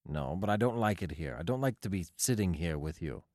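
A blunt, earnest seventeen-year-old boy, as a male narrator reads him in an audiobook. The voice is lively in pitch and recorded dry and close. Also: a little fast, dry recording. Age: teens. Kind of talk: audiobook character voice.

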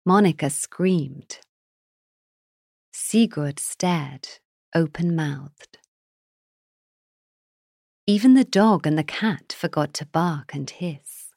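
A woman narrating a children's storybook chapter in a measured, deliberate way. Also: sits low, expressive, creaky, darkish tone, no room sound, clean studio sound.

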